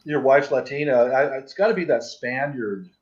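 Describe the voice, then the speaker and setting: A man's voice: mid-range voice, normal speed. Rambling man with dull lo-fi sound. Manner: rambling, stop-start storytelling. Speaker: livestream guest. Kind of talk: casual chat. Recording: dull lo-fi audio.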